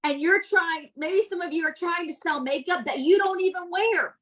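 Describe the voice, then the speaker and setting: A woman's voice: extremely high pitch, moderate pace, a bit bright, rough recording. A woman leading her sales team with a blunt, scolding and motivational manner, talking directly to her listeners. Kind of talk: motivational sales coaching talk.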